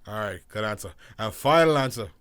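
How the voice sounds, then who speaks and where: A man's voice: on the low side, animated, brisk, a bit bright, clear, resonant tone. Giggly, stammering podcast co-host man. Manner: giggly, stammers with repeated fillers. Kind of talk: casual chat.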